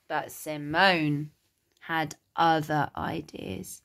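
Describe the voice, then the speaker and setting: A woman reads a children's storybook aloud, with a playful, expressive delivery. Her voice is high and bright, with a lively, wide melody. She takes her time over each line. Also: measured pace. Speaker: school staff reading a story.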